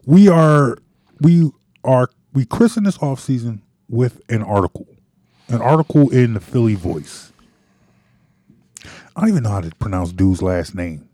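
A man co-hosting a casual sports talk show, chiming in with quick agreements and punchy remarks. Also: medium pitch, sing-song, mellow, no echo. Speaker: podcast co-host.

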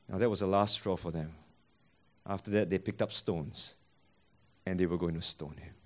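A man's voice: deep voice, fairly even intonation, normal speed, long pauses. A man preaching a sermon as a pastor, acting out both sides of the dialogues he retells.

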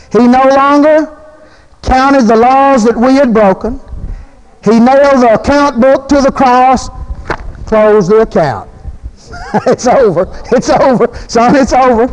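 A man's voice: very high voice, unhurried, darkish tone, poor audio. A preacher man, delivering a fervent, folksy sermon full of repeated phrases.

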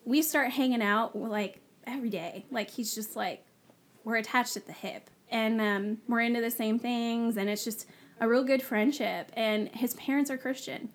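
A woman, a guest on the show, telling her personal story in a casual, animated way, acting out the dialogue she quotes. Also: on the high side, normal speed. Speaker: guest sharing her testimony.

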